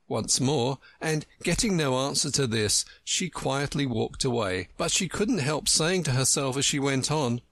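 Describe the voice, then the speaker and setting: A man reading a storybook aloud for a radio program, in an expressive way. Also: mid-range voice, a little slow, dry recording. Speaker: audiobook narrator.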